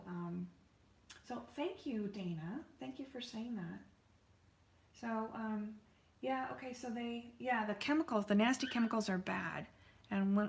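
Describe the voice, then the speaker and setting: A woman's voice: mid-range voice, creaky, a little hiss or hum. A woman artist hosting a live painting stream, chatting casually and answering viewers' comments with lots of fillers.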